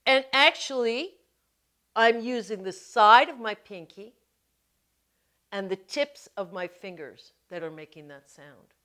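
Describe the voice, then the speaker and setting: Female hand drum instructor: unhurried, gentle, patient explainer, medium pitch, step-by-step teaching. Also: expressive. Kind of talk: instructional video demonstration.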